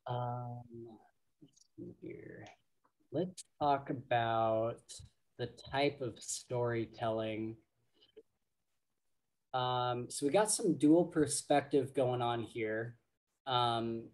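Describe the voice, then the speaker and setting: Slow, halting male podcast host. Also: mid-range voice. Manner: slow, halting, many fillers and restarts. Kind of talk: casual book discussion.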